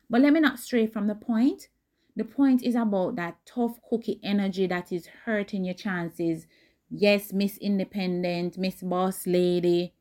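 Mellow-voiced woman giving blunt dating advice. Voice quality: not high or squeaky. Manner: direct, emphatic, conversational with quoted asides. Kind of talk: casual advice talk.

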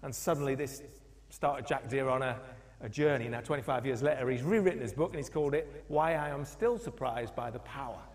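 A man's voice: medium pitch, fairly quick, few pauses. A man preaching a sermon in a church, telling stories with animation and acting out the voices of the people in them. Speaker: pastor. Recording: long echo of a church hall.

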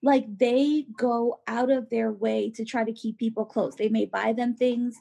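A woman co-hosting a podcast in casual chat, animated and filler-heavy, acting out quoted voices. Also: a little high, a little slow, vocal fry. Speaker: podcast co-host.

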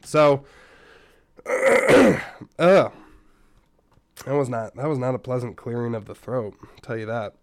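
A man's voice: mid-range voice, clean tone, no echo, clean studio sound. A man hosting a casual solo podcast, a bit tired while getting over a stomach bug, chatty and rambling with frequent asides and restarts. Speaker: podcast host.

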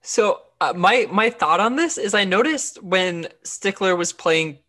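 A woman's voice: mid-range voice, animated, unhurried, fairly bright tone. A woman co-hosting a podcast, recapping an episode in casual chat with lots of fillers and restarts. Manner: chatty, frequent fillers and restarts. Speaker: podcast co-host.

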